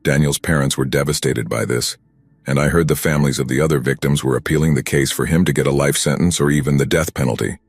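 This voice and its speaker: Man, horror story narration, extremely deep voice, dry close sound. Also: fast, slightly rough, dry recording. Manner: steady, grim first-person telling.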